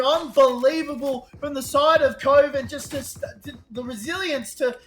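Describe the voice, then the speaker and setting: A high-voiced woman calls an esports match in rapid, excitable play-by-play and stumbles over her words as the action speeds up. A steady hiss of noise sits under her voice throughout the stream audio. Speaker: esports caster. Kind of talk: play-by-play commentary.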